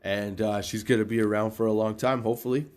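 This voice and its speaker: Swearing, animated middle-aged man telling stories. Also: lowish voice, fast. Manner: profane, animated, laughs at own stories. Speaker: podcast host. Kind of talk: casual comedic storytelling.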